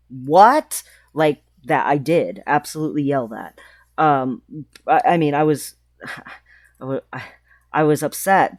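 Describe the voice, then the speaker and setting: A trans woman telling a personal story in a vlog, speaking emotionally with halting restarts. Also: deep voice, dry recording, studio quality. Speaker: vlogger.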